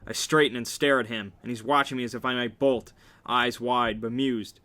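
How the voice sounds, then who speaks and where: A man's voice: medium pitch, steady tone, moderate pace, bright, forceful tone. A man reading a novel aloud, with wry, joking asides. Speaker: reader.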